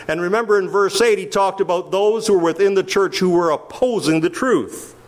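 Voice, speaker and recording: A male pastor preaches at a church service with a notably high voice. He stresses key words with emphasis, explains the original wording of the text, and puts questions to his listeners. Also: brisk, few pauses. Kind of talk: expository sermon.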